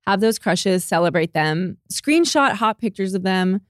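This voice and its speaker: A woman talking in a breezy, emphatic way at a middle pitch, cursing now and then, as a podcast co-host. The recording is dry and close to the mic. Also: animated, measured pace, dry recording. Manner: breezy, emphatic, swears casually. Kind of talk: casual chat and ad read.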